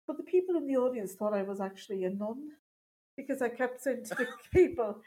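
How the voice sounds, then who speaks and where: A woman's voice: fairly high pitch, animated, fairly quick, dark tone, low-quality recording. A woman, a stand-up comedian, telling stories in a casual interview and laughing often. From Ireland. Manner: chatty storytelling, laughing often.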